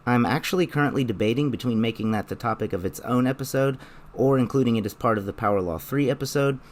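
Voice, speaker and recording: A young man narrating a scripted video essay in a measured, explanatory way. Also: medium pitch.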